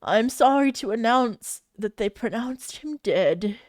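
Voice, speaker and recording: A woman voicing a solemn man who delivers bad news in a fanfiction reading, speaking slowly and somberly. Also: a little high, expressive, darkish tone, dry recording, studio quality. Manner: slow, somber.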